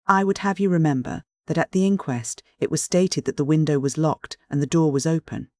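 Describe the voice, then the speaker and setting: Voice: medium pitch, a little fast, no echo, studio quality, lightly acted. A narrator voicing a truculent, lean American sea captain who drawls slang with a placid swagger.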